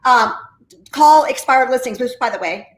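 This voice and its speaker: A high-pitched woman tells her story with enthusiastic, high-energy drive. She is a real estate agent and an interview guest, chatting casually. Her voice bounces around a roomy, echoing space. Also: moderate pace. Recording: roomy echo.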